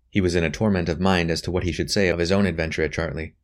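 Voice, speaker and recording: A male narrator with a very low, deep voice reads a novel aloud. His delivery is steady and even, in the manner of a scripted audiobook. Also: rapid-fire.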